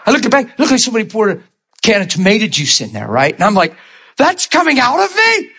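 Husky, high-pitched and very fast, this man preaches his testimony as an animated story, laughing often. He mimics the voices of people he quotes and peppers his listeners with rhetorical questions and conversational asides.

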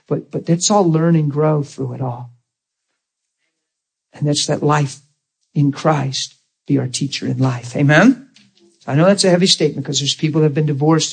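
A man preaches a sermon, his voice a touch high and husky. He talks in a folksy, storytelling way and slips into the voices of the people he describes.

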